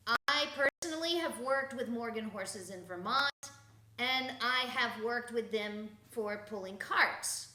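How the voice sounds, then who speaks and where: A woman's voice: on the high side, sharp tone, echoey room. A woman hosting a casual spiritual podcast, blunt and profane, laughing often as she talks. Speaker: podcast host.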